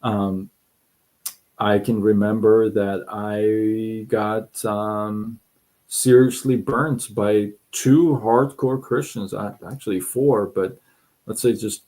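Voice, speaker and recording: Middle-aged guy rambling thru a story on his live stream, slow and mellow. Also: on the low side, fairly even intonation. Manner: rambling, repeats himself, quotes people in voices. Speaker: livestream host. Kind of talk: casual storytelling chat.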